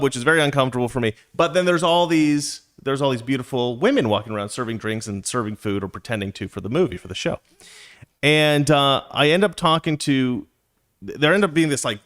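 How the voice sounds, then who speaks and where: A man's voice: mid-range voice, fairly bright tone. A man hosting a show, telling a story in a casual, chatty way with jokey asides. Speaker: podcast host.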